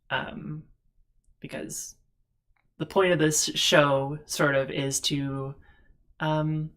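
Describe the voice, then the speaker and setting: A rambling, chatty host of a live-streamed tabletop show, talking from a home desk setup over an online call. The voice sits at a middle pitch with a gravelly, fry-edged texture, and laughs break in often. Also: a bit bright. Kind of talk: casual chat on a live stream.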